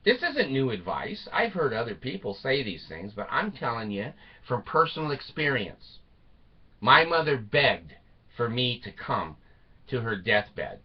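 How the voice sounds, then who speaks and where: A man's voice: mid-range voice, very animated, husky, muffled recording. Bitter, blunt man in his sixties. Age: 60s. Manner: blunt, bitter, swearing, with long pauses. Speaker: vlogger. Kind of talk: emotional personal monologue.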